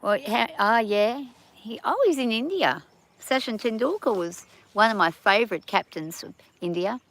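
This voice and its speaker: Chatty Australian woman, low and gravelly. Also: a bit bright, dry recording. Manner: rambling, chatty, laughs easily. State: hay fever, coughing. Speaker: farm owner and livestreamer. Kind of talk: casual livestream chat.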